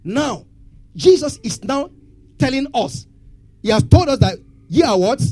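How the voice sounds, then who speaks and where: A man's voice: extremely high pitch, big pitch swings, measured pace, darkish tone, slightly rough. A man preaching a sermon, asking the congregation questions and having them answer back. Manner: call-and-response questions to congregation. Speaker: pastor.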